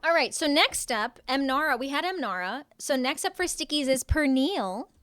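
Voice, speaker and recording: A woman's voice: sits high, animated, moderate pace, a bit bright. A young woman live streaming from home, chatting casually with her viewers and answering their chat with playful sarcasm.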